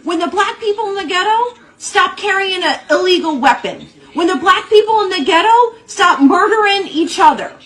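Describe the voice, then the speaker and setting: A woman defends her position in a heated argument, her very high voice jumping around in pitch. She speaks in halting bursts and gets cut off before she can finish. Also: lively intonation, a bit bright.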